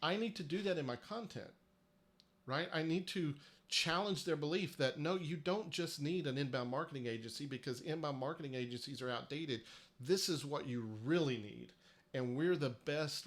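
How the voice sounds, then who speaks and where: A man with a fairly bright voice on the higher side hosts a marketing workshop livestream. He speaks emphatically and persuasively, with lots of restarts.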